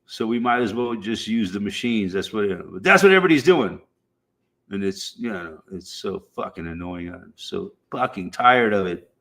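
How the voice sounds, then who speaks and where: A man's voice: low voice, normal speed, gravelly, few pauses, fairly bright tone. A man streaming, chatting casually in a rambling, profane way with frequent fillers. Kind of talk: casual chat.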